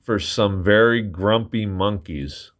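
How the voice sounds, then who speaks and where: A man voicing a fussing, gentle mother ape in a storybook reading, with a coaxing, sing-song manner. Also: fairly low pitch, slow pace.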